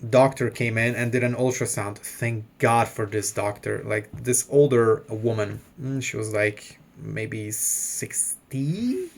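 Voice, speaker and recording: His voice is fairly low and creaky, slow yet lively in intonation, with few pauses. The thirtysomething vlogger casually spins a long, meandering personal story, leaning heavily on "like" and curse words.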